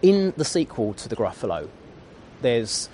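A man's voice: medium pitch, very animated, measured pace, a little mellow, a little hiss or hum. Earnest male preacher telling a story. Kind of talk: sermon.

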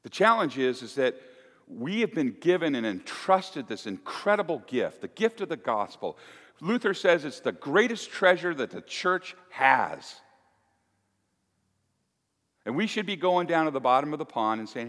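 A male pastor giving a folksy, animated sermon with playful asides to the congregation. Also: mid-range voice. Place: church. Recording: echoey church hall.

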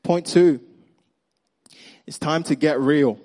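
A man's voice: on the high side, drawn-out words, darkish tone. A man preaching a sermon to a congregation in a casual, humorous way, addressing listeners directly. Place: church service.

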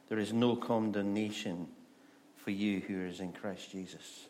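A man's voice: fairly low pitch, fairly even intonation, unhurried, a little mellow, a little hiss or hum. A male pastor giving a conversational, humorous sermon, often stammering and restarting.

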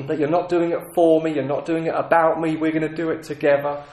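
A man's voice: fairly high pitch, level tone, brisk, hardly any pauses, a little mellow, reverberant. A man giving an earnest sermon, acting out prayers and God's replies as he teaches. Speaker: preacher.

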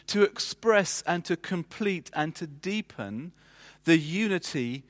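A man delivering a sermon in a measured, emphatic way, often pausing with fillers. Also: fairly high pitch, fairly bright tone. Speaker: preacher. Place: church. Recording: church hall reverb.

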